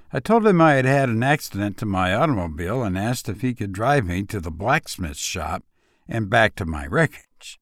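A man narrating a story in a slow, measured, deliberate delivery. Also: fairly low pitch, expressive, no echo, studio quality.

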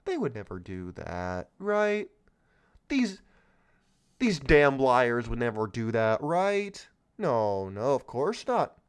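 Sarcastic, lively-pitched male podcast host. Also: slow pace, clear, resonant tone. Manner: sarcastic, mocking, exclamatory. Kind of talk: solo political commentary podcast.

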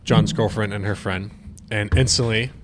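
A man's voice: on the low side, fairly even intonation, moderate pace, background noise. A young man animatedly recounting a street fight in casual chat, swearing often and adding sound effects. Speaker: storyteller.

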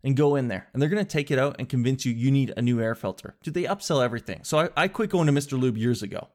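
A man with a mid-range voice rants through a funny everyday story in loose, slangy vlog talk. He throws in "dude" constantly and leaps up in pitch to land a joke. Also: fast talker. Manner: animated, exaggerated, swings to high emphasis; slangy, says dude often. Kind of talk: casual comic storytelling.

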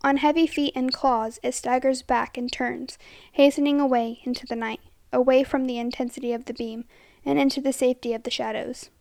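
A woman reading a first-person horror story aloud, steady and dramatic, sometimes dropping to hushed tones. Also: high voice, a little fast, gravelly, no echo.

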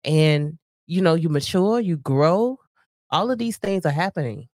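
A woman's voice: low voice, expressive, measured pace, darkish tone, no room sound, clean studio sound. A woman co-hosting a casual podcast chat with her husband, talking emphatically and often asking if she is understood. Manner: emphatic, repeats "you know what I'm saying". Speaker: podcast co-host.

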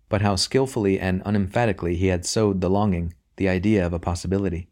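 A man reading a short story aloud in a measured, reflective way. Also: deep voice, steady tone, darkish tone. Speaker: narrator. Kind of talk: audiobook reading.

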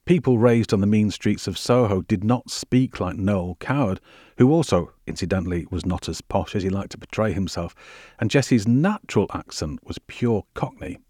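A man hosting a history podcast, telling the story in measured, wry scripted narration. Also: lowish voice, lively intonation, warm tone, no echo, studio quality. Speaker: podcast host.

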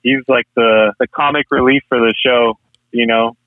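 A man who runs a landscaping business, a podcast guest talking in an earnest, steady way. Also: mid-range voice, moderate pace, no echo. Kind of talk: casual interview chat. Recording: tinny phone-line call.

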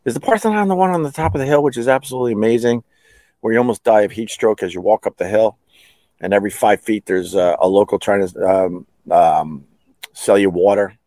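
A middle-aged former radio host now runs a podcast, rambling solo through his own stories, swearing and laughing at himself. His voice is on the low side and warm, fairly quick, with no echo.

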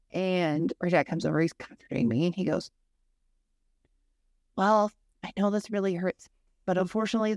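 A young woman with a low, gravelly voice tells a winding childhood story to her co-host. She keeps stopping to digress and fills her sentences with "um" and "like". The sound is close and dry. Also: a little mellow, no echo. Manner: rambling, digressive storyteller with lots of fillers. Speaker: podcast co-host. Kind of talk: casual storytelling chat.

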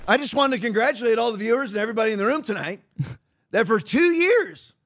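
A man's voice: sits high, racing, fairly bright tone. A man hosting a podcast, delivering a combative, mocking monologue that rambles with frequent restarts. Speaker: podcast host.

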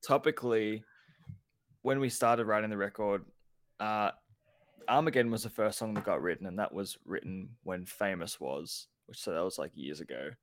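A man's voice: on the low side, normal speed, no room sound. A man in a band, talking casually and bluntly as a guest. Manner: laid-back, blunt, swears. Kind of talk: casual chat.

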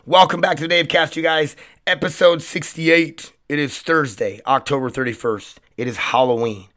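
A man hosting his own solo podcast, his voice hoarse and cracking, rambling in a loose, chatty way with plenty of swearing. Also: fairly high pitch, fairly even intonation, normal speed, a bit bright. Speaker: podcast host. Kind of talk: casual solo podcast monologue.

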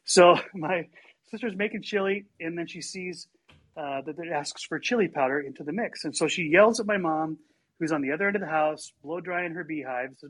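An older man with a husky voice, telling stories from his childhood in a casual chat and acting out his family members in livelier voices. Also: moderate pace. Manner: animated, acts out family members in higher voices. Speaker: storyteller guest.

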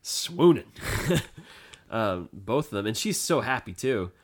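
A man co-hosting a casual podcast who laughs often and reacts with animated asides while recapping an episode. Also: lowish voice, unhurried. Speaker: podcast co-host.

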